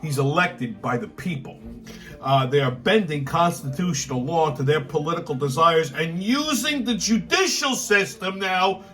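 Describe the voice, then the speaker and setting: Faint music sits under this man's fairly bright, slightly high voice as he speaks at a moderate pace. Hosting his own political commentary show, he launches into an angry, emphatic, profanity-laden rant. He repeats points and curses constantly.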